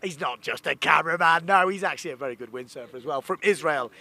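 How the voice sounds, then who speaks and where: A man giving jokey, excitable live commentary from a boat on a lake. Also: on the high side, fast talker, hardly any pauses. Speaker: sports commentator.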